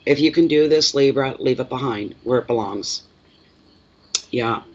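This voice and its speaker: A man's voice: mid-range voice, a little slow, a little mellow, dull audio. A Canadian man giving a chatty live-streamed tarot reading, plainspoken and repeating words for emphasis while he answers chat comments. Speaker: tarot reader.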